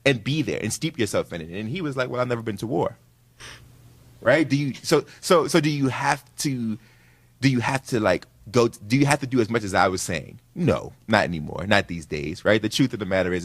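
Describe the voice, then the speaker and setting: A man, an author, speaking casually on a panel with students, animated and conversational, often checking in with "right?". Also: fairly low pitch, breathy edge, no room sound.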